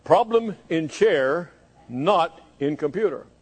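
A man's voice: a little high, lively intonation, slow, darkish tone, husky, rough recording. A man preaching a fervent sermon, pressing the listeners with repeated rhetorical questions.

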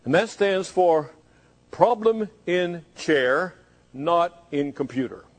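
A man's voice: on the high side, expressive, takes it slowly, rough recording. A man preaching a fervent sermon, pressing the listeners with repeated rhetorical questions.

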